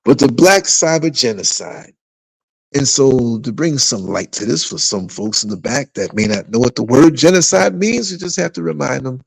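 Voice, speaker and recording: A man hosting a casual livestream, telling rambling, animated stories and reading comments from viewers. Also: medium pitch, normal speed, gravelly, husky, no echo, poor audio. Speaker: livestream host.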